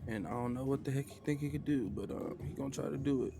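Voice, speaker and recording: A man's voice: mid-range voice, fast talker, gravelly, over music. A man, narrating a tabletop game as game master in a casual way, sighing and muttering to himself.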